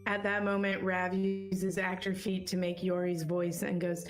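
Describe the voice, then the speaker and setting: A woman's voice: on the low side, completely flat delivery, a little slow, over music. A woman playing a tabletop game in a playful, giggly way, plotting pranks for her character. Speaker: player.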